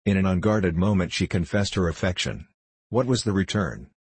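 A man's voice: low voice, lively intonation, normal speed, a little mellow, slightly rough, no room sound, heavily acted. A man reading the part of an anguished young novice monk, in an impassioned, faltering, pleading voice.

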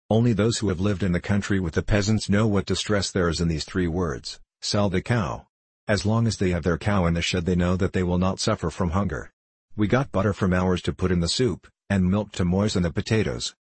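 A man narrating an audiobook in a measured, steady reading voice. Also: low-pitched, breathy edge, no room sound.

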